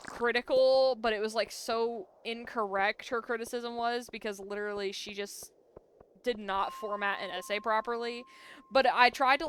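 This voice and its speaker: A woman's voice: mid-range voice, fairly bright tone, slight background noise. Chatty young woman streamer. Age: young adult. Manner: chatty, says "like" a lot, yawns between stories. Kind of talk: casual storytelling while gaming.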